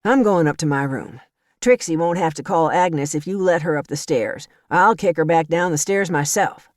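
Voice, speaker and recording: A woman reads a blunt, no-nonsense woman in an audiobook, curt and flat, with close, dry sound. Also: sits low, moderate pace, dry recording, natural voice. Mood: stern.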